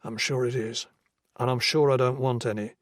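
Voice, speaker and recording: A man voicing a calm, persistent former police officer turned investigator in a crime audiobook. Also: mid-range voice, normal speed, no room sound, studio quality, lightly acted. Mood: firm. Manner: firm, level and persuasive.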